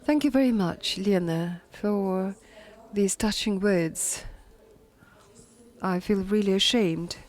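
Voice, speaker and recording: A woman historian with a German accent delivers a lecture read from prepared notes, at a middling pitch. She moves along haltingly and pauses often on fillers. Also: a little mellow.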